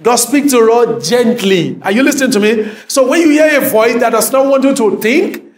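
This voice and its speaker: A male pastor preaching a sermon in church, emphatic, often asking the congregation if they are listening and rising to shouts. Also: extremely high pitch, lively intonation, moderate pace, echoey room, slight background noise, low-quality recording.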